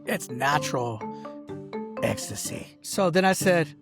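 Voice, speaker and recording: A man's voice: a little high, sing-song, moderate pace, vocal fry, music in the background. A man in a rambling, angry vlog rant, boastful, smoking a cigar as he talks and saying "bro" and "dog" at every turn. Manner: smoking a cigar while talking. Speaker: vlogger.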